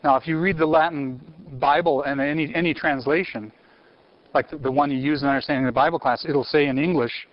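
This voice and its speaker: A man giving a university theology lecture in an animated way, quizzing his audience and restarting phrases. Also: fairly high pitch, moderate pace, dry recording. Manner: animated, asks the audience questions, frequent restarts. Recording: muffled lecture recording.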